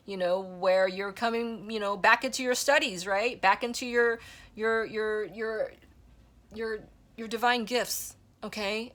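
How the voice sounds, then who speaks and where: A woman's voice: medium pitch, a bit bright. A young adult woman giving a spiritual tarot reading to camera, gushing over the cards and checking in with "okay?" and "you know" as she goes. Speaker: tarot reader.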